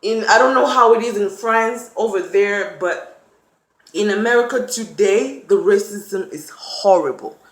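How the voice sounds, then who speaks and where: A woman's voice: mid-range voice, a little slow. A young woman from Cameroon, talking earnestly to camera and acting out little quotes as she tells her story. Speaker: vlogger. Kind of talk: personal talk to camera. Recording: echoey room.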